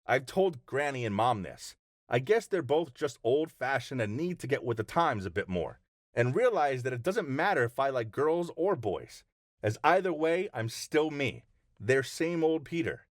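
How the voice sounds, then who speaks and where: A man's voice: medium pitch, sing-song, normal speed, no echo, clean studio sound. A man in an easygoing, reflective first-person story narration.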